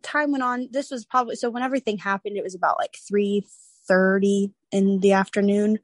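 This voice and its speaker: A young woman in her twenties, a podcast guest, telling a personal story in an animated, casual way, acting out the voices of others and laughing often. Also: mid-range voice, a little fast, no room sound.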